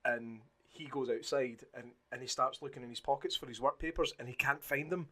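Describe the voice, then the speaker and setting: Podcast co-host, man, middle pitch, animated storyteller, swears, slips into put-on voices. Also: brisk. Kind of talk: casual chat.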